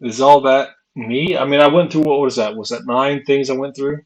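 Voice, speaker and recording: A man in his forties from the United States, thinking aloud in a halting, searching monologue that is full of restarts and repeated questions while he has been drinking. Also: medium pitch. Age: 40s. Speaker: vlogger. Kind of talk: rambling philosophical monologue.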